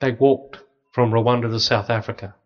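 A middle-aged man, a priest, telling lively stories with dry humor to an audience. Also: medium pitch, moderate pace. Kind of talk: storytelling talk to an audience. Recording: slightly dull lo-fi recording.

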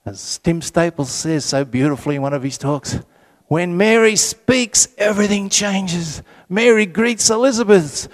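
A man leading a Catholic Bible study group, reading passages slowly and adding joking asides. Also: high-pitched. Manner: lively, joking asides, reads scripture slowly.

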